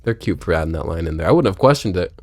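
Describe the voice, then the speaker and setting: A man commenting on a video game as he plays, joking and reading lines aloud, with loud exclamations and low mutters. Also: racing, no echo. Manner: lively, jokey, swings between loud exclamations and low mutters. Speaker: gameplay streamer.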